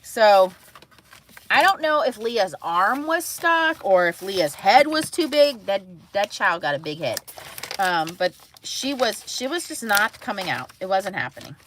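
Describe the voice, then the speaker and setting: A woman's voice: mid-range voice, very animated, unhurried, fairly bright tone, a little hiss or hum. A woman casually telling a family story to her live chat, rambling and full of filler words, laughing at herself. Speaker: mother streaming to live chat.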